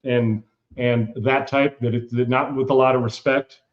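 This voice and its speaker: A man hosting a sports talk show, telling stories in a lively, laughing way. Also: medium pitch, measured pace, muffled recording, a little hiss or hum. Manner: animated storyteller, laughs a lot. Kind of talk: casual sports talk chat.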